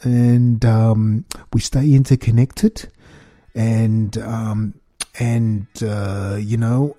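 A man's voice: fairly low pitch, little pitch movement, extremely slow, mellow, no echo, soft background music. A man hosting a solo podcast, rambling and ranting with many ums and restarts. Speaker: podcast host.

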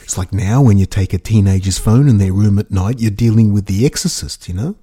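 A man's voice: on the low side, fairly quick, warm tone, slightly rough. A man rambling through stories in a casual monologue, often adding "you know" and chuckling. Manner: chatty storyteller, frequent "you know" asides; amused, chuckles while talking. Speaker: vlogger.

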